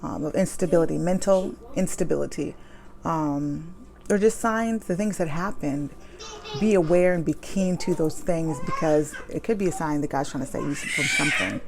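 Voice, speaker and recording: A woman in her thirties, a mother, telling a personal story at home in a candid, chatty way with lots of fillers, speaking fast. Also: deep voice, very animated, gravelly, a little mellow, slight background noise. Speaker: vlogger. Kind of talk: personal story time, advice to viewers. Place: home with children nearby.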